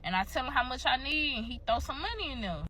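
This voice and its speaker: A young woman with a bright, forceful voice spins a candid, profane story for her viewers. She talks in a loose, chatty way, sitting a little high in her register. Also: lively intonation, quick pace, a little hiss or hum.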